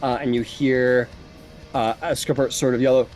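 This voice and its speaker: Casual game master, faint music behind. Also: male voice, medium pitch, steady tone, a little slow, darkish tone. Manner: loose, casual narration with many fillers. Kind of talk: narrating a tabletop game. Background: faint background music.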